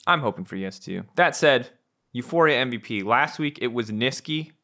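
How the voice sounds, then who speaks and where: A man's voice: mid-range voice, lively intonation, normal speed, sharp tone. A man hosting an esports podcast, chatting casually and joking with his co-hosts. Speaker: podcast host and caster.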